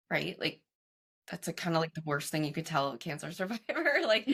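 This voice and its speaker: A young adult woman with a lowish, husky voice talks fairly quickly as a guest on an interview show. A cancer survivor and coach, she tells her story in a casual, animated way, acting out what others said and laughing often.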